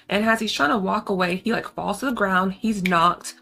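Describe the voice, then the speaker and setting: A woman's voice: medium pitch, normal speed, creaky, few pauses, bright, forceful tone. Chatty woman recapping a horror movie. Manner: chatty and slangy, talks straight to viewers. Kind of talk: casual spoken movie recap.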